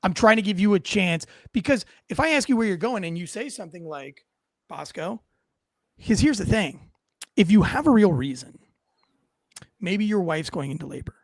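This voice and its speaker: A man who was a police officer, giving blunt, profane, animated commentary on footage. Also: high-pitched, normal speed, no room sound. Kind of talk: casual reaction commentary.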